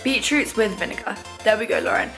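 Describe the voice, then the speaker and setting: A woman's voice: medium pitch, animated, quick pace, gravelly, over music. A young woman chatting casually to camera at home in her kitchen, playful and talkative while she eats. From England. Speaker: vlogger. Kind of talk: casual vlog chat to camera.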